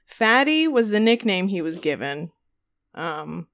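A woman's voice: mid-range voice, big pitch swings, measured pace, fairly bright tone. A young adult woman telling a story in casual chat, rambling with many ums and restarts, laughing and swearing as she goes. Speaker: podcast co-host.

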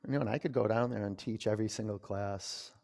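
A young yoga teacher chats and rambles while leading a class in a studio, tossing in plenty of "you know"s. His lowish voice is gravelly and darkish, steady in tone and fast, trailing a long reverb.

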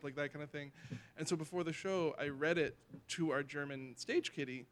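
A man guesting on a podcast as a burlesque host, from Canada, telling stories in animated casual chat. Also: a little high, brisk, slight background noise. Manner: animated storyteller, lots of "like".

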